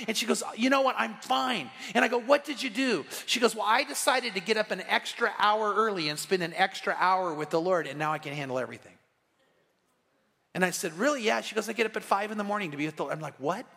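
A man's voice: high-pitched, pushed and bright. A middle-aged man preaching an evening sermon as pastor, telling stories in an earnest, conversational way. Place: church sanctuary. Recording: long reverb of a church hall.

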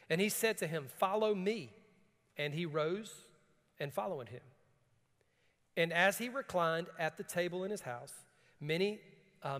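High-voiced, emphatic preaching man in a reverberant hall. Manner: preaches with rising, emphatic bursts and laughter, reads scripture calmly. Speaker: pastor. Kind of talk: sermon.

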